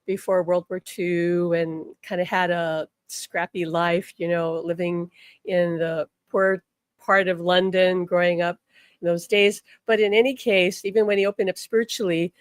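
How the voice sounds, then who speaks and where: An older woman, a spiritual teacher, tells a personal story on a live stream in a chatty, animated way, often repeating words and saying "like". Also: on the low side, a little slow, clear, resonant tone, no room sound. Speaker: spiritual healer and angel teacher.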